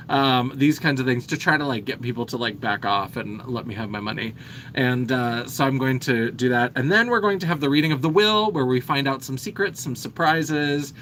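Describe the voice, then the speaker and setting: A chatty man hosting a casual livestream, rambling along and poking fun at himself. His voice is bright at a middling pitch. A faint low rumble runs underneath. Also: normal speed. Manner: chatty, rambling, self-deprecating. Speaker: livestream host.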